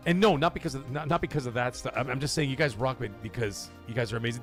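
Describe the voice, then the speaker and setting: A man hosting a gaming livestream, loud and excitable, cursing and reading super chats to his viewers. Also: mid-range voice, fast, few pauses. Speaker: livestream host. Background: soundboard music and crowd cheers.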